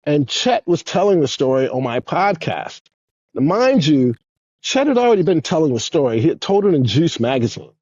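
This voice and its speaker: Lively, husky-voiced man telling stories. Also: fairly high pitch, moderate pace, dry recording, lo-fi sound. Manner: animated, profane, rambling. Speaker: guest, former pro skateboarder. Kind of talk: casual storytelling.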